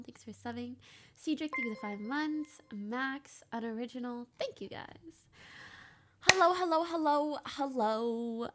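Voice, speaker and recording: Bubbly high-voiced woman streamer. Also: a little hiss or hum. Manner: bubbly and chatty, drifts into soft whispers to herself. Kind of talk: casual live-stream chat.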